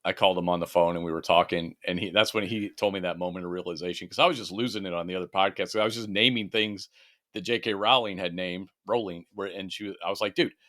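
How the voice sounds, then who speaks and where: A man's voice: sits low, steady tone, quick pace, a bit bright, dry recording, clean studio sound. Chatty laughing male podcast co-host. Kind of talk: casual podcast chat.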